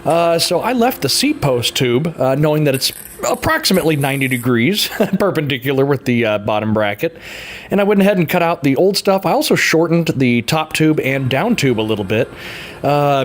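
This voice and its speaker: A man with a slightly raised pitch talks through his workshop project in an easygoing, offhand way, filling pauses with "uh" and "um" and laughing lightly at himself. Faint workshop ambience sits behind his voice. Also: animated, slight background noise. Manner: laid-back, chuckles often, many fillers. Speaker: hobby frame builder and vlogger. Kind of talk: casual workshop narration.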